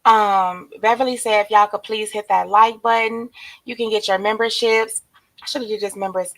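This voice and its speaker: A hoarse woman, chatting casually on a livestream and greeting viewers by name in a drawn-out, relaxed way. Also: mid-range voice, poor audio. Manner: relaxed, drawn-out shout-outs to commenters. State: hoarse, losing her voice. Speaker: livestream host. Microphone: streaming setup.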